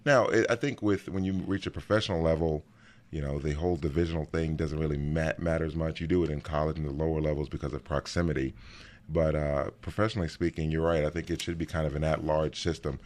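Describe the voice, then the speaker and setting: A man's voice: extremely low pitch, steady tone, fast, a little mellow. A man co-hosting a casual sports talk show, rambling and joking with playful swings in his voice. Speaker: co-host.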